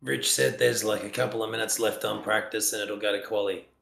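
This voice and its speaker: A man racing online, joking deadpan in casual voice chat with a gravelly voice. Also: lowish voice, a little fast, music in the background. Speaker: sim racer.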